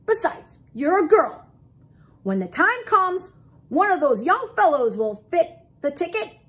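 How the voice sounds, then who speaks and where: A woman's voice: very high-pitched, big pitch swings, unhurried, a bit bright, voice pushed up, exaggerated voice. A woman voicing a grumpy, dismissive old male groundhog in a storybook read-aloud. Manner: grumbling, dismissive.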